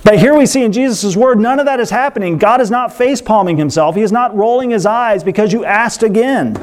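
A man preaching a sermon in a lively, conversational way, acting out quotes with playful voices. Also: sits high, brisk. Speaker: pastor.

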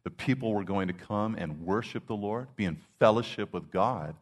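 A man's voice: on the low side, moderate pace. A male pastor giving a conversational sermon, casual and full of "you know", acting out little asides. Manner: casual, heavy use of "you know", animated acted-out asides.

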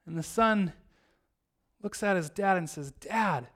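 A pastor preaching a sermon tells a story, acting out its characters' lines in his own voice with lively shifts. His voice sits high and he speaks unhurriedly.

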